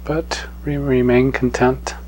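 A man giving a spiritual talk as a teacher, telling a parable in an unhurried, gently chuckling way. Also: mid-range voice, little pitch movement, slight background noise, poor audio.

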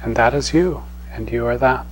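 A male spiritual teacher tells a parable during a talk, unhurried and gently chuckling. His voice is mid-range, and the poor audio has some hiss or hum.

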